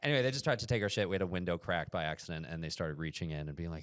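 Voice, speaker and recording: A man's voice: low voice, animated, very fast, clean tone, no room sound, studio quality. A young man co-hosting a comedy podcast, telling a rambling story full of fillers and swearing. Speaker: podcast co-host.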